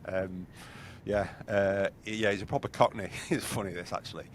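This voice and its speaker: A man's voice: on the low side, steady tone, normal speed, a little hiss or hum. A man hosting a podcast in casual chat over a video call, rambling with lots of fillers. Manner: rambling, heavy on fillers like "you know". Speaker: podcast host.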